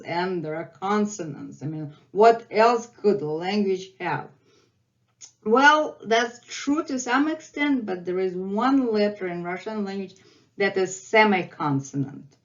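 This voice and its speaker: A woman's voice: medium pitch, lo-fi sound. A woman teaching a language lesson, patiently repeating each sound several times. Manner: patient, drawn-out repetition of sounds. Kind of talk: slow alphabet lesson with repetition.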